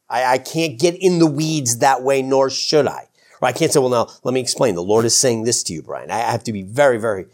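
A man's voice: fairly high pitch, a little mellow. A male pastor preaching a sermon in a loose, conversational way, with fillers, repeats and self-corrections.

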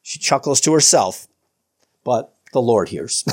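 Informal pastor preaching like they're chatting, lively intonation, quick to chuckle. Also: medium pitch. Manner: informal, chuckles often, frequent "you know"; acts out biblical dialogue in quoted voices. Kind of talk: conversational sermon.

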